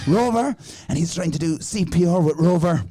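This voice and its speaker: A man's voice: fairly high pitch, moderate pace. A man telling an improvised comic story on a podcast, rambling and acting out little voices. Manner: rambling, animated, acts out voices. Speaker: improv comedy podcast guest.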